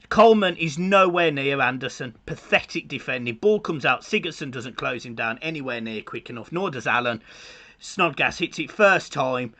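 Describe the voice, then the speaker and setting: Brummy bloke on a fan stream ranting about the defending, bright sharp voice, gets all worked up. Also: male voice, mid-range voice. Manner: excitable and animated in reacting to goals, swearing freely. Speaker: watch-along co-host. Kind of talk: live football reaction commentary.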